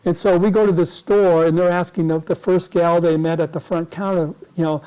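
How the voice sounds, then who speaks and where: An older man speaks to a club meeting with a mellow, soft-edged voice. He tells his story in a folksy, rambling way and keeps restarting on repeated words. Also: a little high, steady tone, brisk, clean tone, low-quality recording. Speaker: guest speaker. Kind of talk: anecdotal storytelling talk.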